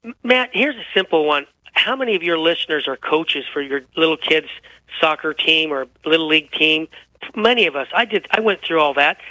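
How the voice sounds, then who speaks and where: A man who is feeling unwell, a guest telling lively anecdotes on a radio interview. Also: fairly high pitch, brisk, no echo, rough recording. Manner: animated, tells anecdotes with quoted dialogue. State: unwell, feels physically poor. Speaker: guest author.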